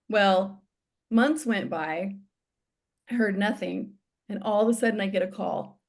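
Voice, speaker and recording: A woman guest telling her story in an interview, acting out the dialogue she quotes. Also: mid-range voice.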